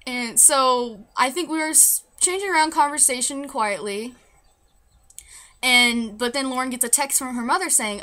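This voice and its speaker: A woman's voice: sits high, normal speed, bright, forceful tone. A young woman telling a story to camera in a casual vlog, rambling with many restarts and fillers. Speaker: vlogger.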